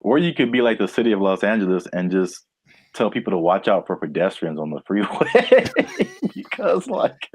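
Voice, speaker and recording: A deep, low-pitched man from California chatting on a podcast in a laid-back way. He laughs easily and lets his sentences trail off. The sound is dry and close. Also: big pitch swings, normal speed, slightly rough, no room sound. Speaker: podcast co-host. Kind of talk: casual podcast chat.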